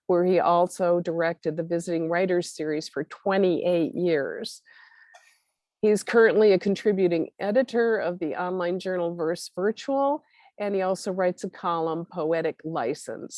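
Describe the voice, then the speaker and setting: A woman's voice: fairly low pitch, a little mellow, dry recording. A woman from Michigan with a slight Michigan accent and a stuffy, nasal voice, hosting a poetry reading over a video call. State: stuffy nose. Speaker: host. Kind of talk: introducing poets.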